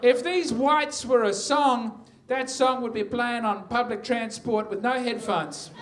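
A man's voice: extremely high pitch, fairly even intonation, measured pace, pitched above the performer's own voice. A haughty, prissy man, put on by a comedian, drawls in a raised, sniffy voice, dripping with exaggerated disdain. Background noise runs through the live recording. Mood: disdainful.

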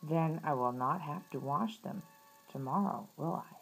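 A woman's voice: low-pitched, a little slow, gravelly, a little hiss or hum, poor audio. A woman reading as a lazy grumbling storybook toad. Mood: earnest. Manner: whiny, putting things off.

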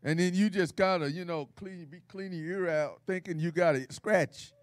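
A man's voice: sits high, moderate pace, no room sound, clean studio sound. A man preaching at a Bible study in a folksy, playful style, with call-and-response and laughter. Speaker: pastor.

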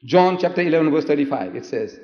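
Older man, impassioned preacher, highish voice, echoey hall, muffled old tape. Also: expressive, quick pace. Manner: dramatic, swings between loud emphatic cries and hushed asides. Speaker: Islamic preacher in debate. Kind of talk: impassioned religious lecture.

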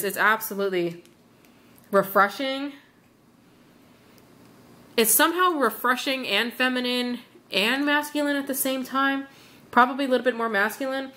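A woman's voice: fairly high pitch, sharp tone. Chatty woman rambling through a haul. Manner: chatty, rambling, enthusiastic, lots of fillers. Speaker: vlogger reviewing wax melts. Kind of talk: casual haul vlog.

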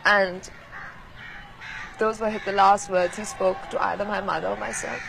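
A young woman in her twenties, recalling painful events in a quiet, measured way during a recorded news interview. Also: mid-range voice, flat delivery, vocal fry, noisy background. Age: 20s. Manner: quiet, measured, grieving recollection.

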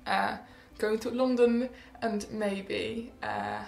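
Bubbly teen girl vlogging, gravelly. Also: medium pitch, steady tone, slow pace, a little mellow, reverberant. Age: teens. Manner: bubbly, rambling, giggly, self-correcting. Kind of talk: casual chatty update vlog.

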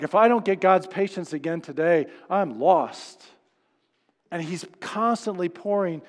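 A man's voice: fairly high pitch, a little mellow. Male pastor preaching in a reverberant church. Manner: conversational storytelling preacher, acts out quoted voices. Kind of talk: sermon. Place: church sanctuary.

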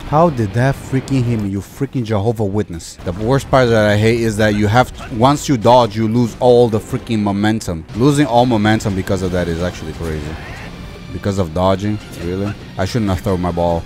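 A young man with a somewhat low voice gives loose, running commentary while playing a game. He chats casually and grumbles when things go wrong. Faint game music sits quietly behind him. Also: a little fast. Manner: chatty, easily frustrated, swears mildly. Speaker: gaming youtuber.

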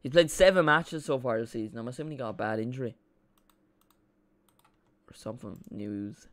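A young Irish man chatting and rambling excitably through a live football watch-along stream. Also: medium pitch, moderate pace.

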